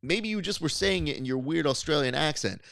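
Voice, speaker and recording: Animated podcast host, dry close mic. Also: male voice, fairly quick, vocal fry, no room sound. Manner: animated, riffing, pitching ideas with mock appeals. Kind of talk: casual podcast chat.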